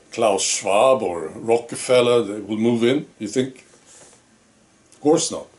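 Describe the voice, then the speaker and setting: A man with a lowish voice speaks a casual monologue to camera as a video commentator, frequently ending his statements with rhetorical questions.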